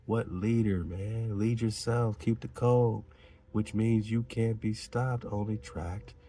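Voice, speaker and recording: A man's voice: fairly low pitch, steady tone, takes it slowly, warm tone, a little hiss or hum. A man hosting a talk show, reading aloud and commenting in a preachy, emphatic way with slangy asides. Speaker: podcast host.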